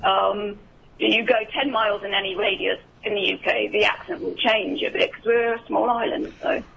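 A woman's voice: mid-range voice, fairly even intonation, moderate pace, creaky, fairly bright tone, highs cut off, slight background noise. A woman with an English accent, an actor chatting casually in an interview, with lots of ums and restarts. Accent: generic English. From England. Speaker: actor guest.

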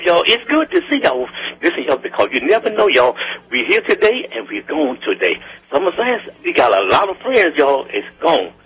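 An older man, a gospel singer, gives a folksy, animated spoken invitation to a concert and keeps calling out to his listeners. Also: on the high side, breathy edge. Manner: folksy and animated, calls out "y'all" constantly. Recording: dull lo-fi recording.

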